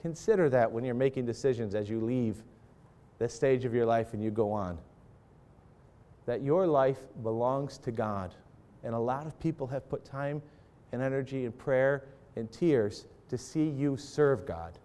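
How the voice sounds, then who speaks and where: Here a pastor delivers a sermon for parents and students in a dark, medium-pitched voice that moves a little slowly. The preaching is fervent, climbing and sinking as he acts out prayers.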